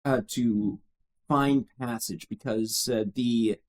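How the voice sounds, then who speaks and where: Halting man running a tabletop game. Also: medium pitch, steady tone. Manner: halting, many filler sounds. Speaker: game master. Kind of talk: casual table chat.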